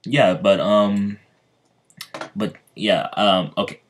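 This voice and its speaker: A man's voice: on the low side, fairly even intonation, slow, slight background noise. A young man casually retelling a story, hesitant, with many ums and restarts. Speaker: fan video creator.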